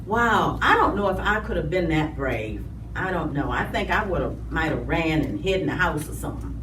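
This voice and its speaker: A woman hosting children's storytime in a library. She speaks to small children in an animated way and draws out her words. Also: sits low, normal speed, background noise. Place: library room. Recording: roomy, distant mic.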